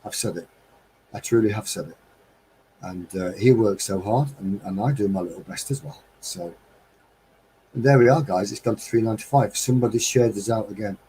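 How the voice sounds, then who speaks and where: A man with a lowish, soft and mellow voice, hosting a casual live-stream chat. He rambles along in a friendly, chatty way and chuckles often. A faint background hiss sits under his voice. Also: fairly quick, rough recording. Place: home studio with green screen.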